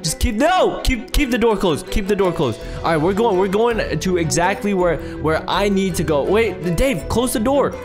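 A man's voice: high-pitched, animated, moderate pace, few pauses, over music. A young man hosting a game roleplay, frantic and stammering, repeating himself as he acts out the scene. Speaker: roleplay host.

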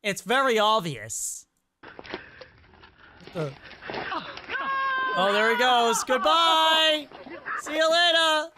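A reaction video host giving casual commentary on fail clips, animated and exclaiming, voicing what the people and animals in the clips might be thinking. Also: high-pitched, takes it slowly, pauses often, heavy background noise.

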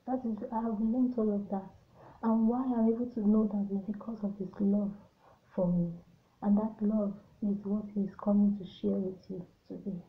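Woman preacher, mid-pitched, earnest and personal, thin echoey phone-like audio. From Nigeria. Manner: earnest, personal, repeats phrases. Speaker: ministry speaker. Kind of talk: devotional sermon.

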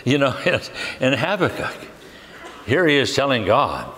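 An older man, a guest pastor, preaching a sermon with humor and laughter, acting out lively exchanges. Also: a little high, normal speed. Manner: humorous, animated storytelling with laughs. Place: large church hall. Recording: long church reverb.

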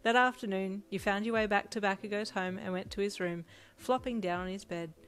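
Woman, story reader, plain and steady, faint music under. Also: mid-range voice, brisk. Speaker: fanfiction reader. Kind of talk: second-person audiobook narration.

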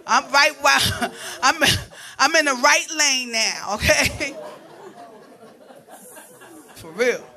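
Woman, stand-up comedian, high voice, tense bright tone, animated storytelling, faint audience behind. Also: extremely slow, long pauses, some chatter behind. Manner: animated, breaks into high shrieks and laughter. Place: comedy club stage.

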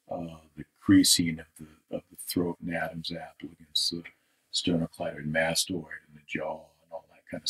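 A male art instructor giving a live drawing critique, thoughtful and halting, often trailing off into soft mutters. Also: sits low, poor audio.

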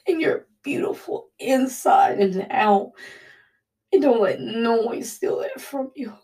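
A woman speaks a heartfelt devotional, earnest and halting, her voice catching with emotion. Her tone carries a gravelly, fry-edged texture. She sits some distance from the microphone, so the sound is a little removed. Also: fairly high pitch, big pitch swings, dark tone. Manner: Southern-style "y'all".

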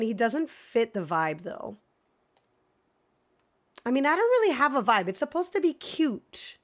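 Excitable high-voiced woman streamer. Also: unhurried, pauses often. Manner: excitable, swings from gasps to mock dread. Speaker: gaming streamer. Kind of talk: casual live gameplay chat.

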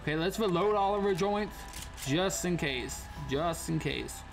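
Young male gamer, casual slangy commentary, slightly high voice, jumpy. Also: a little slow, gravelly, faint music behind. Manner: casual slangy talk, jumpy yelps when startled. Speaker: gaming channel host. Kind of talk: gameplay commentary.

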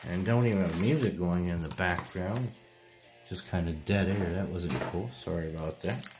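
With music playing in the background, a middle-aged man with a deep voice and a normal pace opens baseball card packs for his collecting channel. He chats casually and reads the players' names in sequence, stumbling on some before getting them right.

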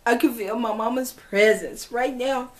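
A woman's voice: fairly high pitch, unhurried, darkish tone. A woman, crying as she talks heartfelt to her viewers in a personal vlog. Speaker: vlogger.

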